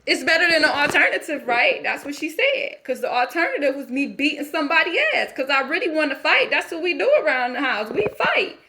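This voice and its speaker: A woman's voice: high-pitched, lively intonation, a little fast, few pauses, bright, forceful tone, slight background noise, heavily acted. A woman playing a defiant young foster girl in a character monologue, ranting in a confrontational, rambling, profane way.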